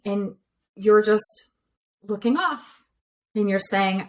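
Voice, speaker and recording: A woman therapist talks in a relaxed, explanatory way, working through ideas step by step on a remote call. She sits at a middle pitch and leans on everyday examples as she makes her points. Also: takes it slowly, poor audio. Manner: clear, explanatory, with many examples. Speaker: relationship therapist guest. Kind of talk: conversational interview explanation.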